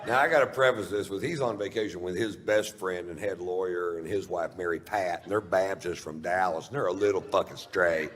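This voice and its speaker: A middle-aged man tells a story on stage with a deep, low-pitched voice and a laid-back, drawling delivery full of swearing. The live recording carries a long reverb from a big hall, and faint ambient noise sits underneath. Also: brisk, few pauses. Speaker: stand-up comedian. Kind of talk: stand-up storytelling.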